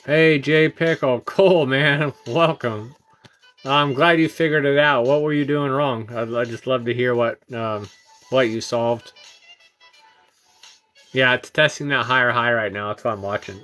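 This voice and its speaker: Tired male streamer, mid-range voice, loose filler-heavy chart talk, light music bed. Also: mid-range voice. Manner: relaxed, halting, many ums and uhs, greets chat viewers. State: tired, yawning. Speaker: trading livestream host. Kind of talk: casual live-stream chart commentary.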